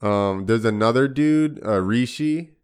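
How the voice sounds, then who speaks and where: A man who is a comedian, a guest on a podcast, chatting in a relaxed way and laughing easily. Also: medium pitch, measured pace, clear, resonant tone. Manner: laid-back, laughs easily. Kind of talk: casual chat.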